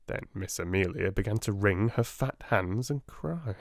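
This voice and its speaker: A man with a British accent narrating a classic children's novel in an expressive storytelling manner. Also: on the low side, measured pace, creaky, few pauses, dry recording, clean studio sound. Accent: British English. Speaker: audiobook narrator. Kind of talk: unabridged audiobook narration.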